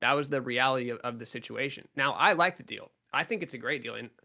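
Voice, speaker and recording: A man's voice: mid-range voice, fast, vocal fry, pushed and bright. A man answering fans in a live Q&A as a club co-owner, talking frankly and casually with lots of fillers.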